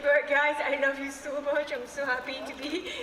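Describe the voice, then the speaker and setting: A woman's voice: high-pitched, flat delivery, normal speed, a crowd in the background. A woman answering hesitantly and effusively, with many fillers, as an actress on a panel. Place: large convention hall stage. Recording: echoey hall with long reverb.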